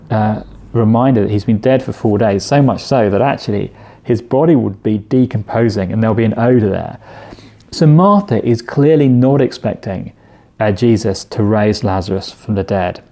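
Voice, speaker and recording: Male preacher, mellow warm tone, conversational sermon with rhetorical questions. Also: fairly low pitch, gravelly.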